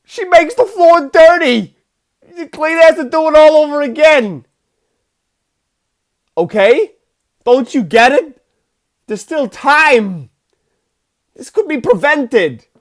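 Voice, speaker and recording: An intense, oddly urgent psychic with a halting delivery, as a man puts on a famous actor's voice. The voice sits well above the speaker's own and leans on long, dramatic pauses. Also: very high-pitched, lively intonation, voice pushed up, heavily acted.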